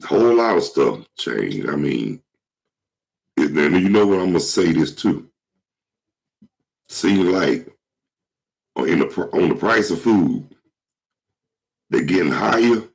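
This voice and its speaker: Very deep-voiced hoarse man with a cold. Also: sing-song, slow pace, long pauses, rough recording. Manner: slangy, rambling, swears freely, addresses viewers as y'all. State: hoarse with a cold, keeps clearing his throat. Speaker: vlog host. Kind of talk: casual monologue to viewers.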